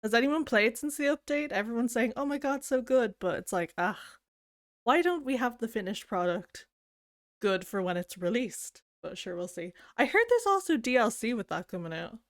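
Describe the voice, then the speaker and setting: A woman's voice: on the high side, very animated, normal speed, dry recording, clean studio sound. A woman streamer chatting casually with viewers, rambling and self-deprecating with plenty of giggles. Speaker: game streamer. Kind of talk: casual chat.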